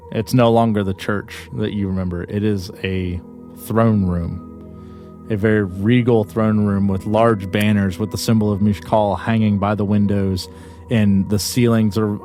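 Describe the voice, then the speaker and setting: A man's voice: on the low side, darkish tone. A man narrating as game master in a tabletop game, describing scenes loosely with many restarts.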